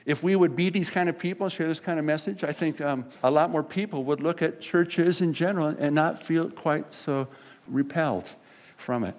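A man's voice: a little high, normal speed. A man preaching a conversational sermon, telling stories and acting out the people in them. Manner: conversational preaching, animated storytelling with voiced quotes. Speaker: pastor.

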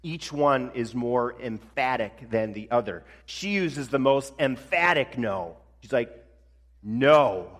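A male pastor preaching a sermon in a conversational way, slowing down for emphasis. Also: medium pitch, lively intonation, a bit bright. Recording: long reverb of a large hall.

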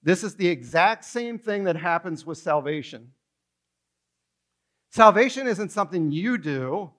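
A man with a high voice preaches to his congregation. He is animated and conversational, and he keeps throwing rhetorical questions at his listeners. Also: a little slow. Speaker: pastor. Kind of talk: sermon.

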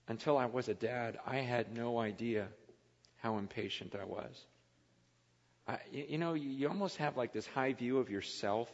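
A man preaching a sermon as a pastor, earnest and confessional, often dropping to a quiet, halting voice. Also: medium pitch. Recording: long hall reverb.

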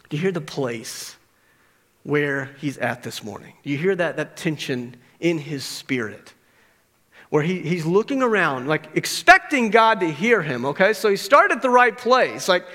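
A man's voice: a little high, big pitch swings, measured pace, bright, forceful tone. A man preaching a sermon as pastor, conversational, often adding "like" and "right?" as he talks to the congregation. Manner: conversational, frequent "like" and "right?" asides. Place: church sanctuary. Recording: long reverb of a large hall.

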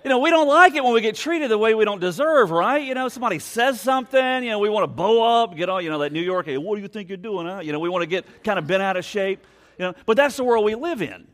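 Animated man in his forties preaching. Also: sits high, fast talker. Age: 40s. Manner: conversational storytelling with audience questions. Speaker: pastor. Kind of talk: sermon.

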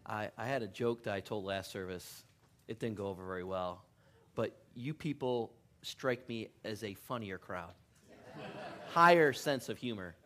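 A man's voice: lowish voice, measured pace, bright, forceful tone, slight background noise. Middle-aged guy pastor, chatty and jokey, laughs a lot, talks in church. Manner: chatty, self-deprecating, laughs often. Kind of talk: casual sermon with jokes. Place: church sanctuary.

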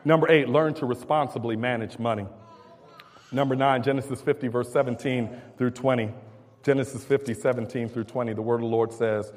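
A man preaching a sermon with call and response, dropping low and quiet, then building up to shouting. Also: steady tone, a little fast. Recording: long hall reverb.

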